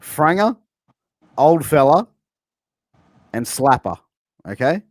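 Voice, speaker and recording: A man's voice: a little high, very animated, slow, dry recording, clean studio sound. A man with an Australian accent hosting a casual interview, playfully throwing out slangy phrases for his guest to guess. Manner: playful, drops into slangy catchphrases. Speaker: interview host.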